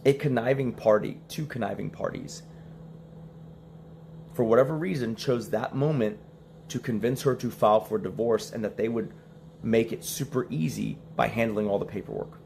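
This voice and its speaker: A man's voice: mid-range voice, moderate pace, gravelly, a little mellow, slight background noise. A young man telling a story in casual stream talk, acting out the quoted lines and laughing between them.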